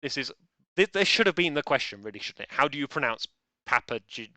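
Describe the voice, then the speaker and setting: A man hosting a relaxed quiz with a bright, forceful voice that stays smooth and crisp. He chats playfully and keeps interrupting himself with joking asides. The sound is dry and close, with little room around it. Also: mid-range voice, fairly quick, no room sound. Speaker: quiz host. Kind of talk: casual live quiz hosting.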